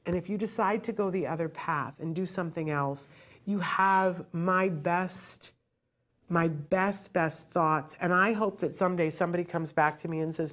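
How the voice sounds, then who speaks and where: A middle-aged woman host giving earnest, heartfelt advice to parents in a direct, emphatic way. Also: fairly low pitch.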